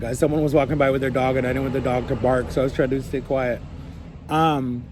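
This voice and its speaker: Young male vlogger, casual storytelling, mid-pitched voice, animated, faint room hiss behind. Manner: rambling, animated, acts out quoted voices.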